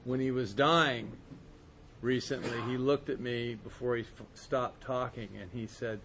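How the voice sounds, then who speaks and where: A man giving a personal recovery testimony to a group, earnest and storytelling, slowing and softening at quiet moments. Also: mid-range voice, fairly even intonation, slight background noise. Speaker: speaker sharing his recovery story.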